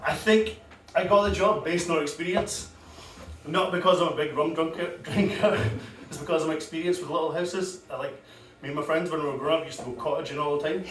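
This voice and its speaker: A young stand-up comedian with a slightly high, brisk, a bit bright voice tells crude, self-mocking stories for laughs at an open mic. He's on a handheld corded mic, recorded from far back in a boomy, echoey club full of room noise.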